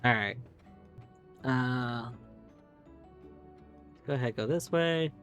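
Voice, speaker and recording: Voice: mid-range voice, drawn-out words, a bit bright, muffled recording, soft background music. A game streamer talking through a live puzzle game, chatty and rambling, swearing casually. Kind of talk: live gameplay commentary.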